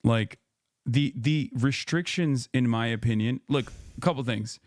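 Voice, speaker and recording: Man, political commentary, argumentative, mid-pitched, dry close sound. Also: measured pace, no room sound. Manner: argumentative, lecturing. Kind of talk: political commentary in a played clip.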